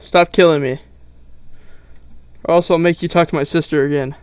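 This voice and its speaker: A young gamer giving casual gameplay commentary through a headset, giggling a lot and yelping and shouting when things go wrong in the game. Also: medium pitch, steady tone, moderate pace, clear, resonant tone, lo-fi sound. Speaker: gaming commentator.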